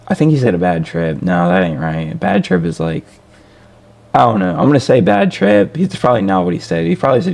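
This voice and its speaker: Gravelly, lively storytelling man. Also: mid-range voice, quick pace. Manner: rambling, animated, full of fillers. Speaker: vlogger. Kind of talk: casual storytelling.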